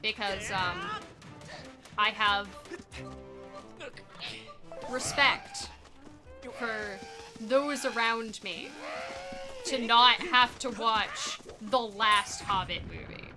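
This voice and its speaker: A woman's voice: on the high side, extremely slow, long pauses. A woman streamer chatting casually during a speedrun, reading chat aloud and laughing often. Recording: game music playing behind.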